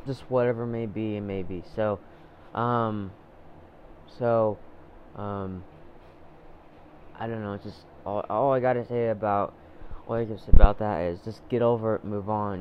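A man's voice: lowish voice, dull audio, a little hiss or hum. A man hosting a solo podcast, ranting in a rambling, profane way, with lots of fillers and repeated phrases. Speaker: podcast host.

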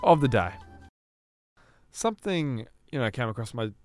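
A man's voice: mid-range voice, sing-song, moderate pace, soft background music. A young Australian man from Perth co-hosting a podcast, laid-back and rambling with lots of fillers. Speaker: podcast co-host. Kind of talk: casual chat.

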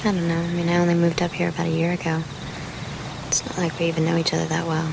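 An actress playing a lonely, guarded teenage girl who speaks quietly and hesitantly, in a film clip. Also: fairly low pitch, completely flat delivery, very fast, vocal fry. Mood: wistful. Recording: film soundtrack with background noise.

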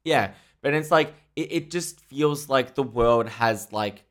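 A man's voice: mid-range voice, slow pace. A man co-hosting a podcast, chatting casually about a TV show, rambling and joking, often slipping into quoted asides. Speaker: podcast co-host. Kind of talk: casual chat reviewing a TV show.

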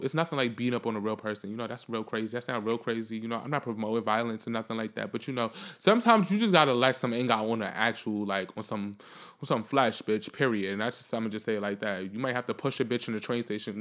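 A man telling a story in a casual vlog rant, profane and animated, swinging from loud outbursts to quiet reflection. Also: mid-range voice.

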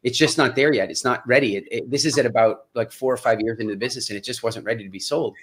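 A middle-aged man with a North American accent telling a story as a podcast guest, quick and full of restarts and acted-out dialogue. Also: medium pitch, fairly even intonation. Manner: fast, restarts phrases, acts out dialogue. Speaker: guest entrepreneur. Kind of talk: animated storytelling in a podcast interview.

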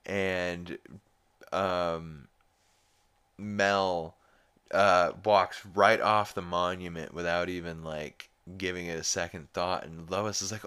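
Low-voiced man recapping casually. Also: fairly even intonation, slow, pushed and bright, clear, resonant tone, no echo. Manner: rambling, full of "um" and "like". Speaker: podcast host.

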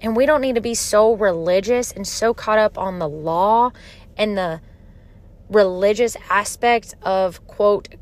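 A woman hosting a podcast and giving an earnest, heartfelt devotional talk. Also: mid-range voice. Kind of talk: devotional teaching.

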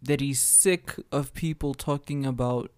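A man's voice: medium pitch, steady tone, unhurried, a little mellow. A man co-hosting a podcast, chatting loosely and laughing often. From South Africa. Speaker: podcast co-host. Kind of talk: casual chat.

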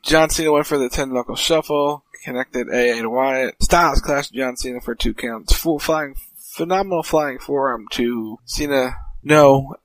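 A man co-hosting a wrestling talk show, recapping a match in brisk play-by-play. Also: medium pitch, a bit bright, no room sound, low-quality recording. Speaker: podcast co-host.

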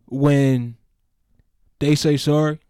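A young man co-hosting a podcast, talking in a relaxed, rambling way with frequent restarts. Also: fairly high pitch, drawn-out words, clear, resonant tone, dry recording. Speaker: podcast co-host. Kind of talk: casual podcast chat.

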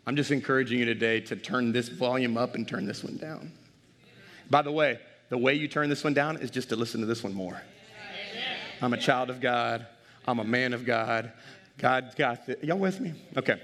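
A male pastor preaching a sermon to a congregation, animated and direct, calling out to the crowd. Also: medium pitch, long reverb tail.

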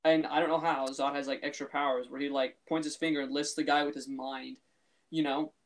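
A man's voice: fairly high pitch, level tone, fairly quick. A man co-hosting a podcast, talking in a chatty, amused way, full of "like" and restarts. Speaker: podcast co-host. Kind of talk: casual chat.

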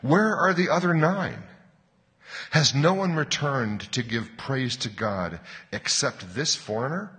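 A man reading the words of Jesus, a calm grown male teacher, slow and measured, in a reverberant hall. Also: mid-range voice, voice pushed up.

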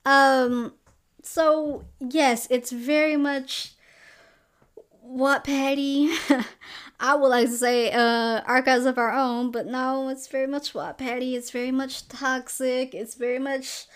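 A young woman hosting a podcast, casually recapping and reviewing a novel with sassy asides and quick acted-out quotes. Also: sits high, level tone, smooth. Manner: chatty, sassy asides, acts out characters' lines. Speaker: podcast host. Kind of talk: casual book review chat.

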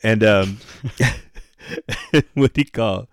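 A man's voice: lowish voice, very slow, clear, resonant tone, no echo, studio quality. A man telling a story in a laid-back, rambling podcast chat, swearing freely. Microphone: headphones and studio mic.

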